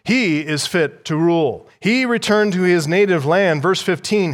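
A pastor preaching an expository sermon in a measured, emphatic way. He teaches by asking the listeners rhetorical questions and repeating key phrases. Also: high-pitched, big-room sound.

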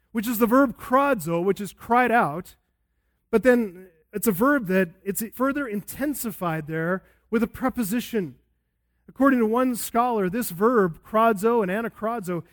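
A man preaching an expository sermon as a pastor, emphatic and swinging between loud and hushed delivery. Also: high voice.

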